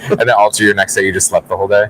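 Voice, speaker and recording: Male co-host, casual curious questioner, lowish pitch, faint hum behind. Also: fairly even intonation, racing. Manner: curious, asks questions, teasing. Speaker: morning show co-host. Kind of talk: casual chat.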